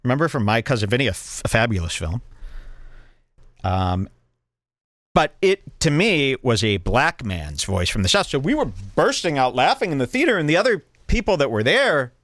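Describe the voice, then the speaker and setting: A man's voice: medium pitch, very animated, moderate pace, a bit bright, no echo, clean studio sound. A man hosting a podcast, rambling through opinionated, emphatic casual chat. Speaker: podcast host. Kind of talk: casual chat, movie review.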